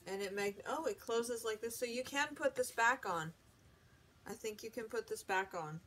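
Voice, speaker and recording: A woman's voice: a little high, normal speed, a bit bright. A woman hosting a home video, chatting casually and correcting herself as she unboxes a gadget. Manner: chatty, rambling, self-correcting. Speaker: vlog host.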